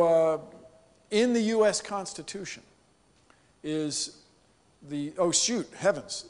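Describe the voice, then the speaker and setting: Man, fairly high voice, animated and joking, keynote talk, long reverb of a large hall. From United States. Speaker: keynote speaker. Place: large conference hall with live audience.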